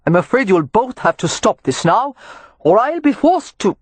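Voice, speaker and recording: A narrator voicing a calm, nimble young man who stays excessively reasonable and pleasant while breaking up a fight. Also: a little high, measured pace, no echo. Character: calm, nimble dark-haired young man keeping the peace.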